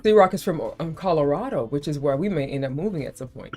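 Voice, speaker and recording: Chatty female stream host, neutral American accent, lively and expressive delivery. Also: sits low, fairly quick, faint music behind. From South Florida, USA. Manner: chatty, laughing, calls people baby. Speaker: livestream host. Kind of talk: casual live-stream chat.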